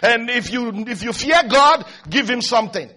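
A man preaching a sermon in an animated way, swinging from low, quiet asides to high, shouted mimicry. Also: moderate pace.

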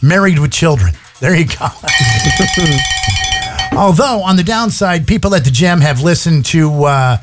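A man's voice: a little high, lively intonation, a little slow, over loud music. A man hosting a radio show, chatting casually and joking with many filler words. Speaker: radio host. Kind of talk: casual on-air chat. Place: radio studio.

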